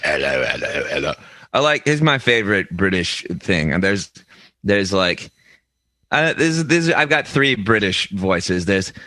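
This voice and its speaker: A man's voice: lowish voice, lively intonation, unhurried, bright, forceful tone, no room sound. A man co-hosting a comedy news podcast, telling stories in a rambling, self-interrupting way. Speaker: podcast co-host. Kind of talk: comedic banter.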